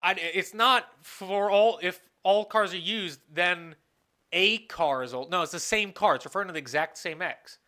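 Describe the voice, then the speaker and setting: This recorded lecture features a professor with a pushed, bright, medium-pitched voice at a moderate pace. Thinking aloud, they ask the class questions, supply the answers, and often fix their wording partway through sentences.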